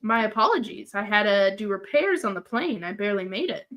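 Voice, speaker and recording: A woman reading the part of a bossy, protective male pilot in a comic script read-through, her voice pitched a little low. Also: sing-song, brisk, fairly bright tone. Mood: urgent.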